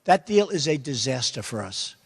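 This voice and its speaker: This older man, answering as a political candidate at a campaign forum, has a medium-pitched, creaky voice with a breathy edge and big pitch swings, at normal speed, with a long reverb tail. He speaks emphatically, repeating himself and straying into asides.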